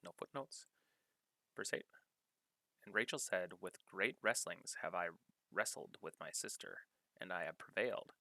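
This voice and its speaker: Male scripture reader, deep and sharp-edged, measured study-note delivery. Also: vocal fry, no echo. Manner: measured, deliberate reading, pausing to cite references. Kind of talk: reading scripture aloud with study-note commentary.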